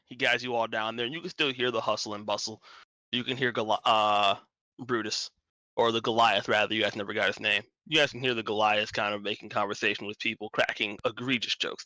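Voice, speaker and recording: A man's voice: mid-range voice, fairly even intonation, fairly quick, bright, forceful tone, no room sound, poor audio. A man narrating as game master in a tabletop game stream, casual and rambling. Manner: rambling, casual, self-correcting.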